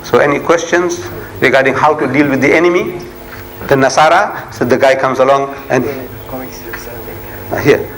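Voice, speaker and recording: A man's voice: normal speed, long pauses, a bit bright, poor audio. An older man from South Africa giving a religious lecture to an audience, impassioned and full of rhetorical questions. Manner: impassioned, rhetorical questions, rising to high emphatic peaks. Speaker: Islamic preacher.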